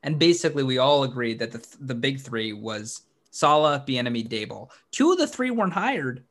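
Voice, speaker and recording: A man co-hosting a sports podcast in casual chat, animated and quick to laugh, his pitch jumping up when he gets excited. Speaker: podcast co-host.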